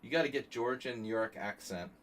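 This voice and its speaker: A man streaming chess, chatting casually and thinking out loud with joking asides to his viewers. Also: mid-range voice, brisk, a little hiss or hum. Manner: chatty, thinking aloud, jokey asides to chat. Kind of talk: casual live-stream commentary.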